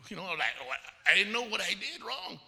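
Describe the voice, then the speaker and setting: A man preaching a sermon at a leadership conference, telling animated stories and acting out the voices of people he quotes. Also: high-pitched, fairly quick, creaky. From Texas. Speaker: pastor. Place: conference hall. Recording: long hall reverb.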